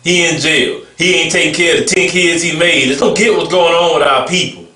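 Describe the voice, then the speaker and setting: A man's voice: fairly high pitch, steady tone, a little fast, pushed and bright, roomy sound, distant mic, soft background music. A man giving a casual vlog commentary rant, mocking and blunt, laughing between remarks. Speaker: vlogger.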